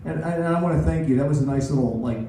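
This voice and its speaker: Captured from a distance in an echoey comedy club, a man in his sixties delivers rambling, self-mocking stand-up. His voice is on the high side and quick, with background noise in the recording.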